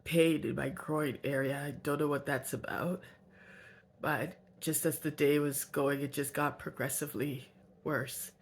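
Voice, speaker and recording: A woman vlogger recording a video journal, reflective and earnest, her voice raspy and congested with a cold. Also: low-pitched, flat delivery, a little slow.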